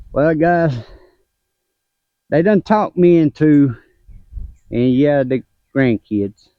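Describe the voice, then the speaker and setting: An older man with a drawl tells a folksy family story in a slow, unhurried way, with easy laughs in between. His voice sits in a middle pitch. The sound is dry and slightly muffled, like a lo-fi recording made outdoors. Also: no echo. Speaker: gardening vlogger and grandfather. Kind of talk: casual storytelling vlog. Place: outdoors in a garden.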